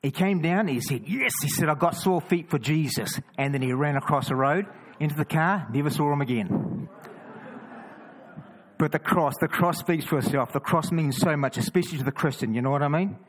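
A man with a New Zealand accent, casually telling stories of walking the roads with a cross, full of quick restarts and chatty asides. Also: on the high side, poor audio. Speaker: cross-carrying Christian walker. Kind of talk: casual storytelling testimony.

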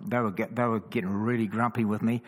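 A man with a New Zealand accent, casually telling stories of walking the roads with a cross, full of quick restarts and chatty asides. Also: on the low side, steady tone, rough recording. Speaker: cross-carrying Christian walker. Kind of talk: casual storytelling testimony.

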